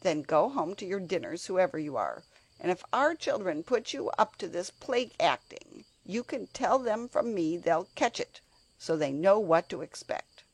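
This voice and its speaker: A woman voicing a cross, scornful nursemaid in a storybook reading, loud and raised in pitch. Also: very animated, unhurried, slightly rough, full character voice, poor audio. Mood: scolding. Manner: scornful, sharp.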